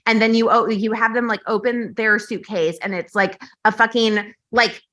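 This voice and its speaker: Female comic guest, high bright voice, rambling and profane. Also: steady tone, normal speed. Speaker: podcast guest. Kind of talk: casual comedic chat.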